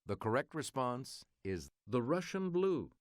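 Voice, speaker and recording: A man hosting a quiz show, reading clues in a measured, crisp way and calling on the player to choose again. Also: mid-range voice, big pitch swings, slight background noise.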